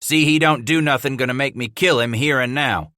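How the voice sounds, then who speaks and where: A man's voice: mid-range voice, fairly quick, sharp tone, no echo, studio quality, pitched above the performer's own voice, natural voice. A man voicing a commanding male trapper brigade leader who gives blunt orders. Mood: gruff.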